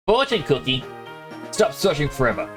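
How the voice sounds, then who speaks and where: A man's voice: a little high, low-quality recording. Man, Australian accent, young adult, casual stream chat, rambling, bouncy intonation, game music behind. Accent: Australian, mixed. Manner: rambling, chatty, laughs often. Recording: game music playing underneath.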